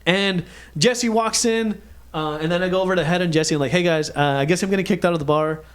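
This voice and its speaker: A man's voice: high-pitched, fast talker, smooth. A man co-hosting a casual podcast, telling a story with lots of swearing and acted-out quotes. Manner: animated, acts out quotes, swears a lot. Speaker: podcast co-host.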